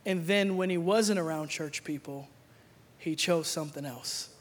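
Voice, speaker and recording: Lively young preacher joking in slang. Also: male voice, a little high, a little slow. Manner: playful, acts out Bible figures in slang with jokes. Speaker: pastor. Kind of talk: sermon.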